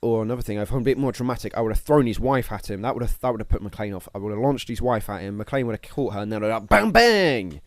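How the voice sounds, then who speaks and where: A low, quick-talking man co-hosts a podcast. He rambles and jokes, thinking aloud. The mic is close and dry. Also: steady tone, a little mellow, no room sound. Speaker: podcast co-host. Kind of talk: casual podcast chat.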